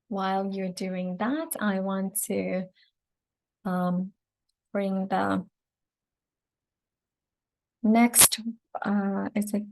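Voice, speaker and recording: A woman's voice: mid-range voice, extremely slow, creaky, pauses often, darkish tone. A woman business coach running a live online mentoring session, talking in a friendly, loose way with frequent hesitations and restarts, her voice tiring after a long stretch. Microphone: video call microphone.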